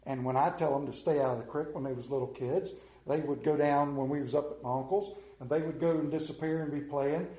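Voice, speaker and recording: Animated high-voiced preacher man, echoey room. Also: brisk. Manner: animated storytelling, acts out scenes with big pitch swings. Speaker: pastor. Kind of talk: sermon. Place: room with a congregation.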